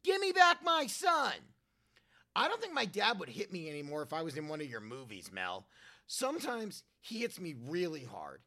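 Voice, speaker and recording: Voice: mid-range voice, huge pitch swings, brisk, bright, forceful tone. A podcast host giving a scripted comedic reading of a letter in an earnest, innocent, childlike manner.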